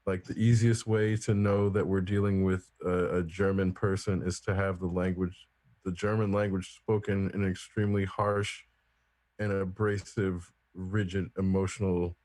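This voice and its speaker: A man's voice: deep voice, level tone, normal speed, darkish tone, no room sound. A man co-hosting a casual discussion podcast, talking in a thoughtful, hesitant way with many fillers and restarts. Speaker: podcast co-host.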